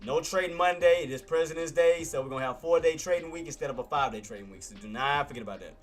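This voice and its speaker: A high-sounding male voice comes in rapid-fire over soft background music. He's a day-trading livestream host giving casual live market commentary, relaxed and slangy, addressing people as "boss" and "man."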